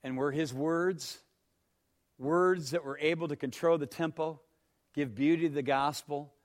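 A man preaching a sermon, swinging from hushed phrases to loud, emphatic ones and asking his listeners questions. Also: on the high side, fairly even intonation, a little slow.

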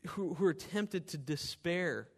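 In a creaky, husky voice, a man preaches slowly but animatedly, reading scripture to his church with mounting fervor in pitch and volume. Afterward, the pastor explains what he has read.

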